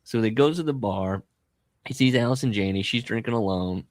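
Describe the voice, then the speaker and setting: A man's voice: lowish voice, fairly quick, darkish tone, no room sound. A man hosting a podcast, chatting casually about a film and acting out the characters' lines as he retells it. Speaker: podcast host.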